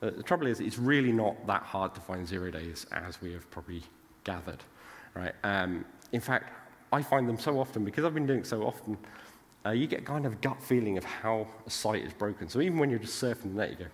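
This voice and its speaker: A man's voice: on the low side, expressive, fairly quick. A British man giving a casual conference talk, chatty and forever checking in with "right?". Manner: chatty, tags lines with "right?". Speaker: conference speaker. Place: large conference hall. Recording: long hall reverb.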